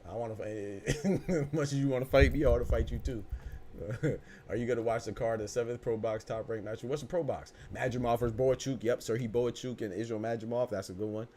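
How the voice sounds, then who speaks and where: A man's voice: medium pitch, fairly even intonation, brisk, mellow. A man hosting a live boxing podcast, reading chat comments and joking around with loose, profane mock anger and speech.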